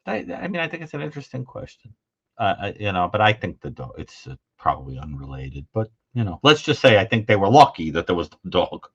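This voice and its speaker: A man who is a guest on a live talk stream, chatting casually, quick to jump in over others and wander into tangents. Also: low-pitched, very animated, a bit bright, husky. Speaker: guest commentator. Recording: lo-fi muffled audio.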